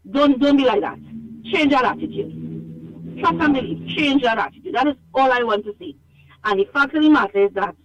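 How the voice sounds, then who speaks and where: A Trinidadian woman calling in to a radio show, talking emphatically and scolding, repeating herself for stress, over a phone line. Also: fairly high pitch. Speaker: radio call-in caller. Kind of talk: animated call-in complaint.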